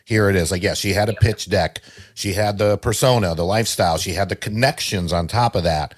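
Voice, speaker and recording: A man's voice: fairly low pitch, brisk, husky. A man co-hosting a podcast, chatting loosely and laughing often. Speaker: podcast co-host. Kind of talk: casual chat.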